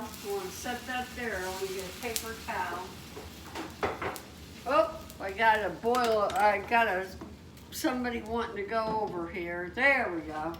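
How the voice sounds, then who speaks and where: A woman chatting excitedly as she cooks a meal at home, exclaiming as she goes. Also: fairly high pitch. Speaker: home cook showing a recipe. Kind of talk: casual cooking demonstration. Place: home kitchen. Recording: echoey kitchen, distant mic, frying noise. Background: sizzling frying pan.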